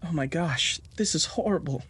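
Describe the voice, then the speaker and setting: A gentle, cautious young nurse, played by a man who pushes his voice high speaks in a soft, nervous way. She sounds anxious and careful in this spoken Western horror tale. Her tone keeps the worried hush of someone out of her depth. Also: normal speed, husky. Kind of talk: audio drama narration.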